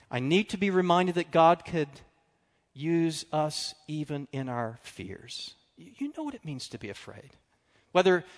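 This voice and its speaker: A man preaching a sermon, telling stories with animated swings between loud and quiet. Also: fairly high pitch. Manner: animated storytelling, drops to quiet confessional tones. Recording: long reverb of a large hall.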